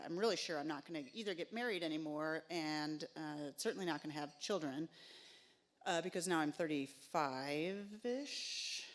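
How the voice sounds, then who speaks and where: A woman telling a personal story live on stage into a microphone, conversational and wry, with many filler sounds. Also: sits low.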